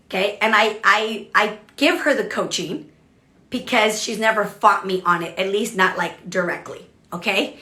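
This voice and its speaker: Blunt, animated woman coach. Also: on the high side, reverberant. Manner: blunt, animated, keeps asking okay and right. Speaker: leadership coach. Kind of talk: casual livestream talk.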